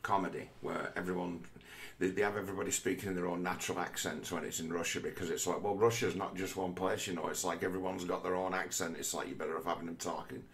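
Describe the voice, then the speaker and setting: A man's voice: low voice, fairly even intonation, fast. A man delivering a rambling philosophical monologue, swearing heavily and restarting his sentences often. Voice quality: heavy swearing, restless restarts. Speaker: vlogger.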